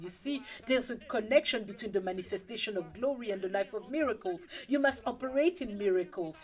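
A woman's voice: medium pitch, low-quality recording. A woman pastor preaching a sermon, acting out scenes in voices and calling the congregation for amens. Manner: dramatic, acts out scenes in voices.

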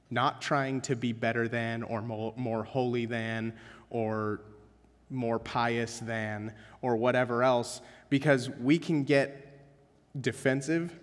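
Young male pastor, conversational sermon delivery, self-deprecating humor, mid-pitched voice, church hall reverb. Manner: conversational, self-deprecating, addresses listeners as guys. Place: church sanctuary.

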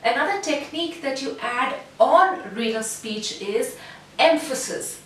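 A woman teaching an online voice lesson, calmly explaining and then showing slow and fast pacing. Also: recorded from a distance. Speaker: voice coach. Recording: very echoey room, off mic, faint rumble.

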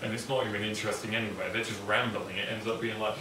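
A man's voice: lowish voice, steady tone, fast talker, bright, forceful tone, recorded from a distance. Rambling, joking English man. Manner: joking, self-deprecating, rambling. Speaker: cooking vlog host. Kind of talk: rambling casual monologue. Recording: echoey room, mic some way off, faint noise.

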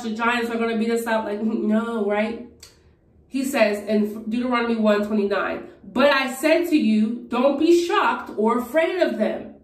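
High-voiced woman preaching fervently in an echoey room. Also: distant mic. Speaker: Christian vlogger. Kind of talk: preaching while getting ready.

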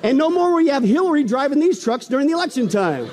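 A male preacher with a strikingly high voice, preaching with excitable energy and quick jokes. He keeps tossing rhetorical questions at his listeners. His voice rings out with a long reverb, as in a large hall. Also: a little hiss or hum. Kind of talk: sermon on prophecy.

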